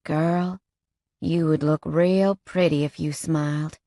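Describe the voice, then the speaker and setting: A woman voicing a cocky, flirtatious male biker who teases with a slow drawl. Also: sits low, steady tone, warm tone, no echo, clean studio sound. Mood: teasing. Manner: teasing drawl, calls her sugar.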